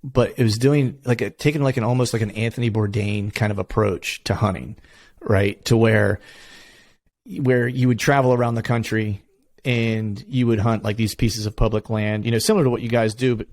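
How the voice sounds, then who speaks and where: A man's voice: fairly even intonation, moderate pace, a little mellow, no echo. A man from Pennsylvania with a Pennsylvania accent, hosting a casual podcast conversation and rambling through his thoughts with lots of fillers. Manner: rambling, many fillers, acts out locals in higher voices. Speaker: podcast host.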